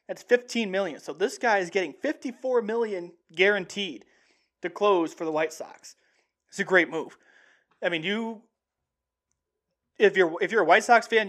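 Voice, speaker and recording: A young man hosting a sports show, talking casually and excitedly in a rambling way with many restarts. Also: high voice. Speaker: sports podcast host. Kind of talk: casual sports talk monologue.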